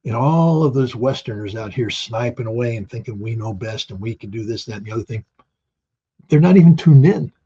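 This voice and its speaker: A man's voice: medium pitch, expressive, brisk, warm tone, husky, dull audio. A man speaking as an interview guest, blunt and emphatic, firing off rhetorical questions and answering them himself. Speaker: guest commentator. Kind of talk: opinionated interview talk.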